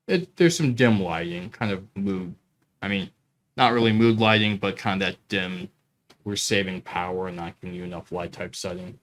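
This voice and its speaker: A man narrating a tabletop role-playing game as game master, animated, with quick asides and frequent laughter. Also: deep voice, slight background noise.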